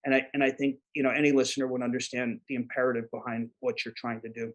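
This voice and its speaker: A man with a New York accent, answering as a guest expert in an interview, halting with many fillers and repeated words. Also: medium pitch, monotone, poor audio. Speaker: guest expert on disaster preparedness.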